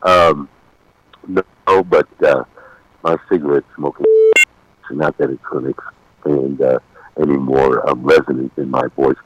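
A man in his sixties with a deep, golden voice speaks by phone as a guest in a casual radio interview. He halts often with frequent pauses, keeping a steady tone over a noisy background.

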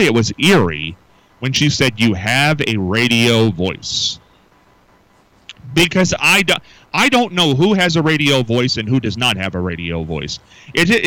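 A man's voice: medium pitch, bright, forceful tone, no room sound, low-quality recording. A middle-aged man hosting a casual morning radio talk show, musing aloud and often repeating words as he restarts.

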